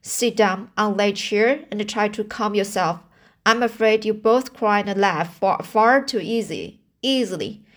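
A woman reading aloud and voicing a stern, plain-spoken older woman in a firm, measured tone close to her own voice. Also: medium pitch, natural voice. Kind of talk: amateur audiobook reading.

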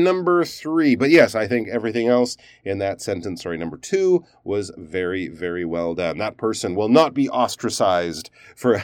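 A man's voice: fairly low pitch, no room sound, studio quality. A man teaching pronunciation, reviewing learners' recorded sentences and explaining stress and endings in an encouraging, explanatory way.

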